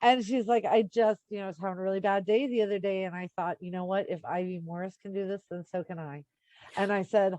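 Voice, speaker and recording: A woman author in casual conversation, animated and quick to laugh as she gushes about readers. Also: mid-range voice, no room sound. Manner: animated, laughs often, gushing. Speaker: author guest. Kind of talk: casual chat.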